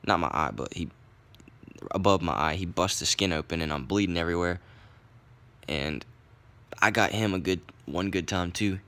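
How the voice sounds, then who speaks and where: A man's voice: low voice, normal speed, long pauses, a bit bright. A young man, casually telling a story in a rambling, profane way. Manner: profane, rambling, laid-back. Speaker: vlogger.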